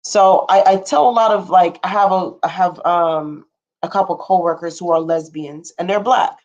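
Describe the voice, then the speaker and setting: A woman's voice: lowish voice, moderate pace, darkish tone, dull audio. A young woman hosting a casual livestream, rambling frankly with blunt asides and casual swearing, and answering viewer comments as she talks. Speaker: livestream host.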